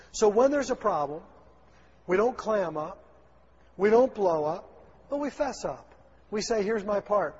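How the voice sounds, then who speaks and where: A man's voice: high-pitched, a little mellow, breathy edge. A man preaching a sermon with a Southern accent, folksy and chatty, acting out little dialogues. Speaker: pastor. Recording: dull, lo-fi sound in a long-echo hall.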